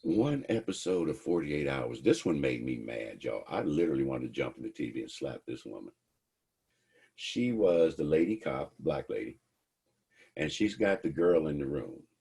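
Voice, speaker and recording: Very deep, gravelly-voiced man. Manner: blunt, profane, animated storytelling. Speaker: speaker teaching about police and the law. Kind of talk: casual storytelling lecture.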